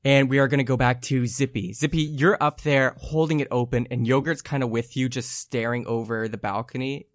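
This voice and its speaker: A man's voice: mid-range voice, steady tone, a little fast, hardly any pauses, no echo, studio quality. A man narrating as game master in a tabletop game, casual and loose.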